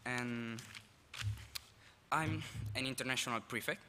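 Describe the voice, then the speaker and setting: Italian-accented teen boy, school assembly speech, halting and apologetic, bright, faint background noise. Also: medium pitch. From Italy. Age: teens. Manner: nervous, halting, apologetic with laughs. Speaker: exchange student speaker. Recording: reverberant hall, faint ambience.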